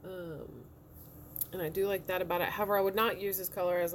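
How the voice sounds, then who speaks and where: A woman's voice: fairly low pitch, a little fast, background noise. Chatty woman talking through her makeup. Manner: chatty, relaxed, talks through each step. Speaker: beauty vlogger. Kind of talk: casual makeup tutorial talk. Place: home room.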